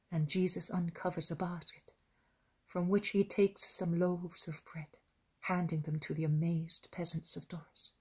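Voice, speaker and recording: Very breathy, slow woman reading. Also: fairly low pitch, level tone. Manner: soft, half-whispered reading. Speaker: audiobook reader. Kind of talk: scripted narration.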